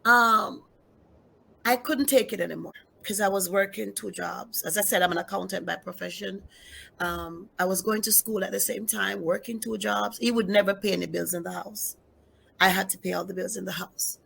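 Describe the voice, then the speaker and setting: A woman's voice: mid-range voice, steady tone, moderate pace, vocal fry, fairly bright tone, a little hiss or hum. A middle-aged woman pastor telling her personal testimony in an interview, emphatic, repeating key phrases and speaking straight to her listeners.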